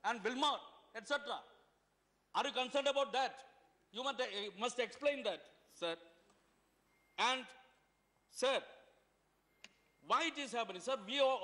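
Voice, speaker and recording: A man with an Indian English accent giving a forceful parliamentary speech, full of rhetorical questions and repeated words. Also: very high-pitched. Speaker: member of parliament. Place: parliament chamber. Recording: long reverb of a large hall.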